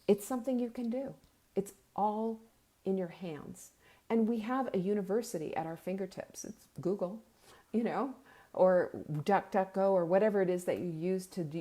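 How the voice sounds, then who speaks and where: A woman's voice: medium pitch, dark tone. A middle-aged woman hosting a live meal-planning show, giving an earnest, urging pep talk, at times tearful.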